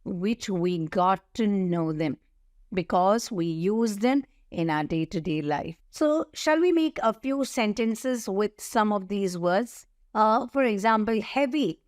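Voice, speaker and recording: A middle-aged woman teaching an English grammar lesson, slowly listing words and spelling out letters. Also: mid-range voice, animated, a little mellow, no echo, studio quality. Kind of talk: slow, deliberate grammar lesson.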